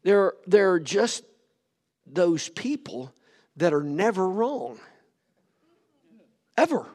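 A male pastor preaching a sermon, rising to near-shouts and repeating his words as he presses his point. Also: high voice, expressive, slow pace. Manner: repeats and stumbles over words. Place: church sanctuary. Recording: long hall reverb from a sanctuary.

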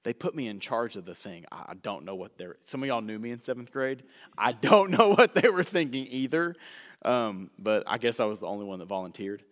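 Echoey church-hall reverb surrounds a man preaching in a sanctuary. He describes himself as a fast talker, but he slows down to stress points and alternates between loud outbursts and quiet asides, all at a medium pitch.

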